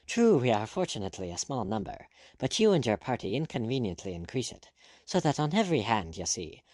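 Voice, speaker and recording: Sardonic male pirate captain, ironic and cool, voiced by a male narrator; lively delivery, dry read. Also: fairly low pitch, no echo. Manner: dry, ironic, drawling courtesy.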